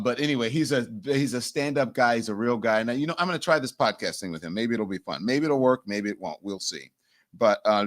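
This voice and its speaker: A man hosting a casual live stream who chats loosely and greets viewers one by one by name. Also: on the low side. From United States. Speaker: host.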